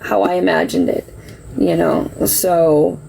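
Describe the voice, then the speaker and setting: A woman's voice: fairly low pitch, fairly even intonation, slow, gravelly, mellow, a little hiss or hum, poor audio. A middle-aged woman telling a personal story on a livestream, earnest and defensive, getting worked up as she talks. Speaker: livestream host. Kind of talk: emotional personal account.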